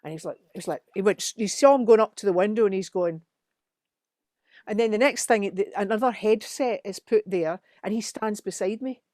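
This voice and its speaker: A woman's voice: medium pitch, brisk, no room sound. A middle-aged Scottish woman, a musician guest, telling studio stories in casual chat and acting out the quotes. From Scotland. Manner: animated storytelling, acts out quotes.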